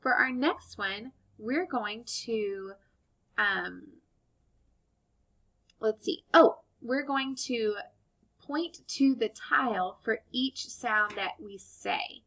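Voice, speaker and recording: Slow, gravelly woman teaching phonics. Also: a little high, fairly bright tone. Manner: slow, clear sound-by-sound modeling, encouraging. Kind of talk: phonics lesson for young children.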